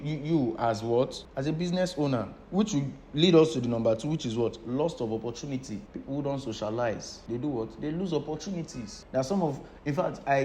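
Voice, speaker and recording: Male business trainer with a Nigerian English accent, mid-pitched voice, teaches by rhetorical question, faint noise behind. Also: mellow. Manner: asks rhetorical questions and answers them himself. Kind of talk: teaching a class.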